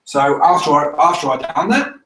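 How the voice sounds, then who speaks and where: Guy, higher voice, animated and laughing, swears a lot; distant mic, roomy echo. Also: normal speed, noisy background. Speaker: team member giving a testimonial. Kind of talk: casual storytelling talk to a group. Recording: echoey room, recorded from afar.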